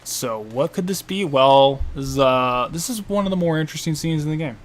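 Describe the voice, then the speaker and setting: A man's voice: fairly high pitch, animated, fairly quick. A man, a game critic, giving casual commentary while playing, chatty and joking as he thinks aloud. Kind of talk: casual let's-play commentary. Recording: faint game music behind.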